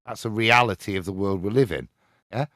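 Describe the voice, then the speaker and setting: A man's voice: lowish voice, fairly quick, fairly bright tone, no room sound, clean studio sound. A man speaking as a guest on a live-stream panel, emphatic and preachy, often ending his points with a tag question.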